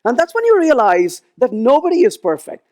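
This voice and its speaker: A man's voice: extremely high pitch, a little fast. A man giving a conference keynote, telling stories and acting out the dialogue in them. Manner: animated, acts out dialogue in his stories. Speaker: keynote speaker. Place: conference stage.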